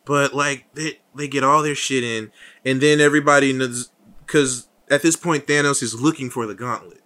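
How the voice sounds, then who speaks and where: A man's voice: medium pitch, normal speed. A man co-hosting a podcast, chatting casually and profanely about a movie and acting out the characters' lines. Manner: profane, animated, acts out quotes. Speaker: podcast co-host.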